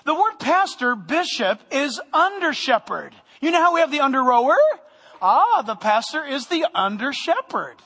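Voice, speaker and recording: Male pastor, high bright tone, humorous energetic sermon, long church-hall reverb. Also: moderate pace. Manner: animated preaching with humor, sometimes loud. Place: church sanctuary.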